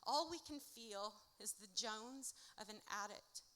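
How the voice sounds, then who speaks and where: A woman performing her own spoken-word poetry at a live event, with a rhythmic, dramatic delivery that swings from hushed to loud. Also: medium pitch, unhurried. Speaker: author reading her own work. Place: indoor music venue at a live event. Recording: reverberant live venue recording.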